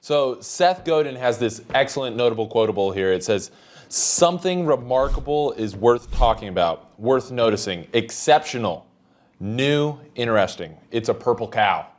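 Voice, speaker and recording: A man with a mid-pitched voice co-hosts a business show in a steady, even manner. He prompts the host with short questions. He also reads the next points from a script. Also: normal speed. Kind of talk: scripted segment reading and questions.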